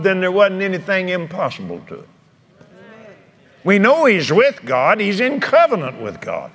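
High-voiced fervent folksy preacher man. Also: wildly swooping pitch, normal speed, fairly bright tone. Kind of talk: sermon.

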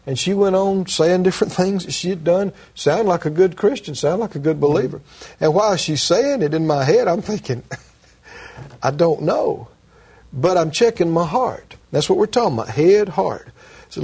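A man's voice: fairly high pitch, moderate pace, darkish tone, husky. A man who works as a minister, earnestly teaching and telling stories in a Christian conversation, repeating his key phrases for emphasis.

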